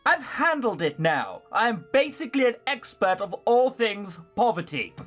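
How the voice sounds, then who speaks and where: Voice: medium pitch, big pitch swings, moderate pace, a bit bright, faint music behind, pitched above the performer's own voice. A streamer voicing a young girl fallen into poverty, delivered in a flippant, sarcastic way while reading a visual novel aloud.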